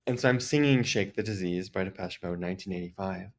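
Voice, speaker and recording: A man's voice: low voice, quick pace, a little hiss or hum. A man podcast host telling a story in a casual, chatty way, full of "like" fillers.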